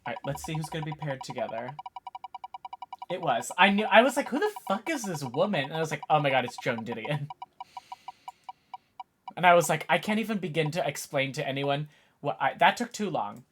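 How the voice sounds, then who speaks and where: A man's voice: on the high side, a little fast, pauses often, noisy background. A man in his twenties, a streamer chatting casually and jokingly with his viewers. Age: 20s. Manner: animated, jokey, talks to chat while typing. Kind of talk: casual live-stream chat.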